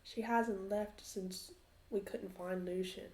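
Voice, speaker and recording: A woman's voice: medium pitch, steady tone, takes it slowly, a little mellow, slight background noise. Woman doing a concerned, plain-spoken man. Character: concerned adult man caring for a friend. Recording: roomy echo.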